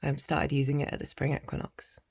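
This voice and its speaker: Brief: British woman tarot reader, chatty and animated, a little low-voiced, swears casually. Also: fairly quick, vocal fry, husky. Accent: British English. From Britain. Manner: animated, chatty, swears freely, breaks into soft chanting. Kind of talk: casual spiritual tarot reading.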